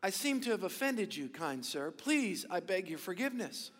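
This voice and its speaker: A man's voice: high-pitched, very animated, moderate pace, long reverb tail, a little hiss or hum. A man voicing a chastened male parrot who speaks meekly and formally. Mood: meek, polite. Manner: meek, formal pleading.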